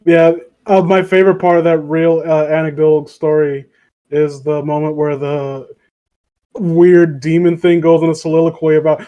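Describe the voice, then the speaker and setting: Animated high-voiced young man. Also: normal speed. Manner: animated, laughs often. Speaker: podcast co-host. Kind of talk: casual group chat.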